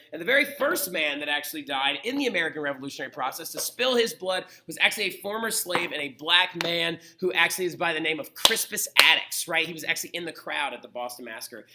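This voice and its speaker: A young man teaching a history lesson in a casual, animated way, often checking in with "right?". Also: fairly high pitch, noisy background. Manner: animated and conversational, acts out quotes, says "right?" often. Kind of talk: recorded history lecture.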